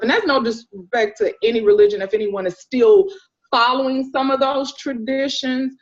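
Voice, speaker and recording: A woman doula telling stories in a casual interview, animated and acting out the people she describes. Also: mid-range voice. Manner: animated storyteller, acts out voices, laughs often. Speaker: doula, podcast guest. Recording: dull lo-fi sound.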